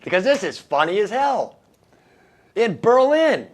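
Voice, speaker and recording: A man's voice: high voice, wildly swooping pitch, unhurried. A man hosting a radio show, reading odd news stories and making wry jokes about them, laughing at his own lines. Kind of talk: casual comedic news commentary.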